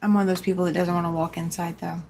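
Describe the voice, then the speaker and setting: A woman's voice: on the low side, flat delivery, rapid-fire, gravelly, a little mellow, slight background noise. A woman chatting casually, agreeing and laughing along with friends. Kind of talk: casual chat.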